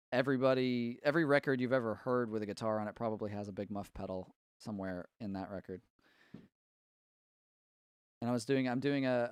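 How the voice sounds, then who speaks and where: A Tennessee man hosts a casual live stream about mixing, rambling loosely and using frequent fillers while distracted by fixing his setup. His medium-pitched voice is smooth, with clean studio sound and no echo.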